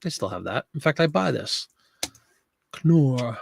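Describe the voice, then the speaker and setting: A man's voice: medium pitch, big pitch swings, fairly quick, vocal fry, a bit bright, slight background noise. Chatty joking man in his fifties. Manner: chatty and joking, reminiscing and talking to viewers in chat. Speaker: host of a live eBay listing stream. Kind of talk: casual live-stream chat.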